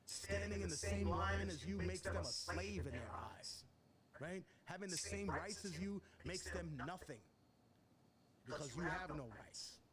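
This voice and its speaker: A man, a rapper, telling stories in a live on-stage Q&A, animated and profane. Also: a little high. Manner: animated storyteller, profane, acts out quotes. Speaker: rapper answering audience questions.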